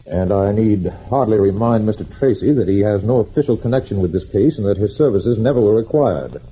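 A man's voice: lowish voice, expressive, fairly quick, husky. An actor playing a smug, pushy male district attorney in a 1940s radio drama, curt and self-assured. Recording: tinny old radio broadcast.

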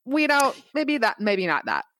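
A woman in her thirties co-hosting a casual chat podcast, a gushing and expressive storyteller. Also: a little high, unhurried. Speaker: podcast co-host.

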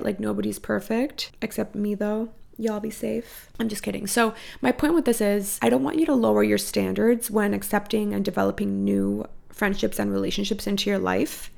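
A woman's voice: medium pitch, gravelly, darkish tone. A woman in her thirties hosting a solo podcast, giving candid, chatty advice with casual swearing and playful asides. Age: 30s. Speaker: podcast host.

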